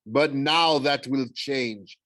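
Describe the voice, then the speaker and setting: A man's voice: mid-range voice, takes it slowly, fairly bright tone, no room sound, pitched above the performer's own voice. A man voicing a hungry, boastful male monster with a heavy French accent, reading an audiobook. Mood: gloating. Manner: sneering, boastful.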